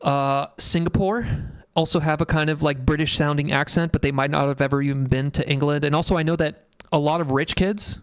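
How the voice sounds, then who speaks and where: Young male streamer, casual and profane, slightly high voice, dry close mic. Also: steady tone, brisk, smooth, no echo. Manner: rambling, blunt and profane, reads chat aloud. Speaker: livestream host. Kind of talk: casual tech livestream commentary.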